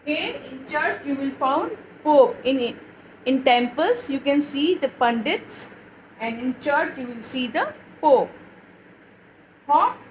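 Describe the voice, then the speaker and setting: A woman teacher leading a phonics lesson for young children, reading words aloud slowly in a sing-song way. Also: high-pitched, a little hiss or hum, poor audio. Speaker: English teacher.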